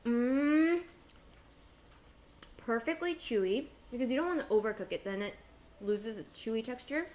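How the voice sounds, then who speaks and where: Woman, high voice, bubbly cooking-stream chatter, faint room ambience. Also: lively intonation, moderate pace, a little mellow, slight background noise. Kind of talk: casual cooking livestream chat.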